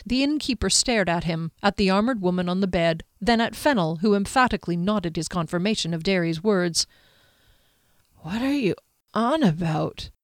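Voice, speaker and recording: Woman narrator, audiobook reading, low voice, dry close sound. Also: a little fast, hardly any pauses, clear, resonant tone, no echo. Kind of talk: scripted narration.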